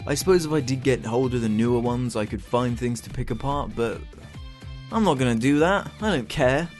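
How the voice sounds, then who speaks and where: A man's voice: medium pitch, expressive, normal speed, a little mellow, soft background music. Sweary, exasperated male ranter. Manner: sarcastic, exasperated, mocking quoted voices. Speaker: comedy ranter, channel host. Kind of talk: sweary comedic rant.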